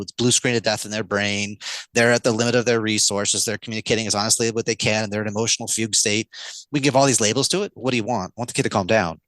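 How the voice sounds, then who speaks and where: A man guest on a podcast, explaining communication with lively, energetic delivery and frequent shifts of pace. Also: on the low side, no room sound, rough recording. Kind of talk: casual podcast interview.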